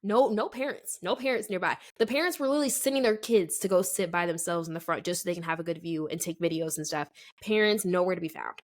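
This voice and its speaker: A woman in her twenties, co-hosting a podcast, telling a story in casual chat and acting out the people in it with quick changes of voice. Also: on the low side. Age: 20s. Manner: animated, acts out quoted people, laughs often. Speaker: podcast co-host.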